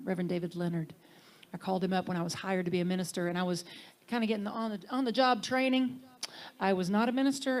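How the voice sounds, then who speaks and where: A middle-aged woman minister giving a conversational sermon, often dropping to a soft near-whisper for emphasis. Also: medium pitch.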